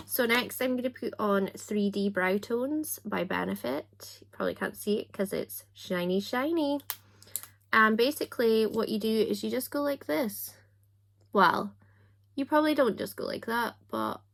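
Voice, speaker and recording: A young woman chats to her camera while doing her makeup. She keeps up a relaxed, self-deprecating patter, full of quick asides and jokes at her own expense. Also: a little high, vocal fry. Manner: chatty and self-mocking, with little asides. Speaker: book vlogger.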